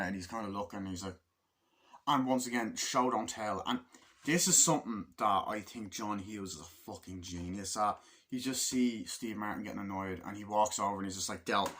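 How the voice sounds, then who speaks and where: A man giving a casual, rambling movie review, acting out scenes in quick voice switches and swearing freely. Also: fairly low pitch, fairly bright tone. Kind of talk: casual spoken film review.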